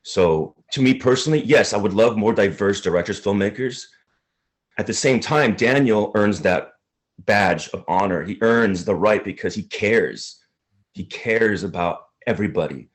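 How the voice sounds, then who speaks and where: A male actor being interviewed, speaking earnestly and haltingly. He tends to get emotional as he talks. His voice sits fairly low. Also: expressive.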